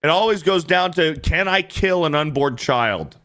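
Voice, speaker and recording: A man's voice: on the high side, lively intonation, normal speed, bright, forceful tone. A man hosting a reaction commentary show, ranting in a profane, fired-up way.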